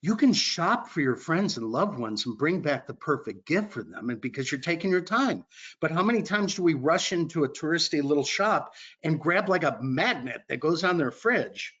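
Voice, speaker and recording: A man's voice: animated, normal speed, fairly bright tone, slightly rough, dull audio. A man training travel advisors in an upbeat, conversational way, stressing points with lifts in his voice. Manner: upbeat, conversational, emphatic pitch. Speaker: cruise line sales trainer.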